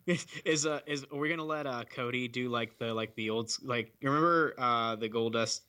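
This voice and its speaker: A man co-hosting a casual wrestling podcast, joking and stumbling through quick asides. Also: medium pitch, sharp tone. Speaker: podcast co-host.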